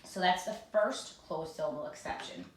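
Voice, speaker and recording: A woman teacher giving a phonics lesson to children, spelling words out letter by letter and leading drills slowly and clearly. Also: fairly low pitch, lively intonation, far from the mic. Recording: echoey room with faint noise.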